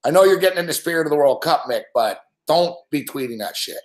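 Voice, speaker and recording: A man's voice: on the high side, lively intonation, brisk, roomy sound. A man hosting a sports betting show live, ranting in a casual, profane, rambling way and laughing often. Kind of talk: casual live-stream rant.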